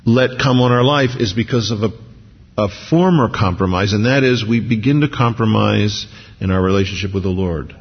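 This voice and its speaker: This pastor's mid-range voice is creaky, with a breathy edge, as he preaches a sermon. He speaks conversationally, leaning on rhetorical questions and frequently starting over. The sound is dull and lo-fi, with a long, hall-like reverb.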